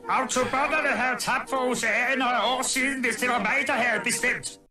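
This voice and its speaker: A man's voice: extremely high pitch, fairly even intonation, normal speed, music in the background. An actor with a Danish accent playing a scheming male robot jet commander in a dubbed cartoon, with an odd, squawking voice. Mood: sneering.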